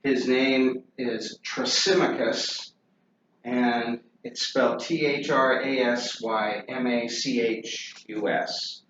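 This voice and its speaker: A man giving a classroom lecture, halting with many ums and uhs and spelling names out loud. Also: mid-range voice, little pitch movement. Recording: roomy, dull lo-fi with faint noise.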